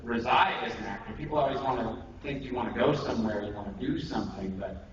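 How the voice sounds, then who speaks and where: A male voice actor runs an acting workshop in a joking, self-deprecating, rambling way. His voice sits at a middle pitch and carries from far off. The sound is dull, with heavy room echo and steady noise from the convention room. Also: fast. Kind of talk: casual convention workshop talk.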